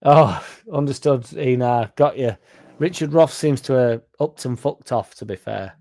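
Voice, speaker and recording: A man's voice: medium pitch, unhurried, dark tone. A young man, chatting casually and swearing as he reads out comments on his fan stream. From England. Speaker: fan channel host reading live chat. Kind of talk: casual live-stream chat.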